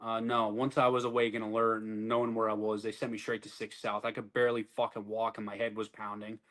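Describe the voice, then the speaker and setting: A man's voice: fairly low pitch, little pitch movement, brisk, a bit bright. A man who served as an army soldier, telling his story in a blunt, profane, conversational way and acting out what others said to him.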